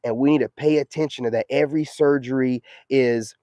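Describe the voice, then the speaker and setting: A man's voice: mid-range voice, fairly even intonation, brisk, mellow, no echo. A man hosting a live stream, talking in a slangy, preachy, emphatic way in a casual monologue.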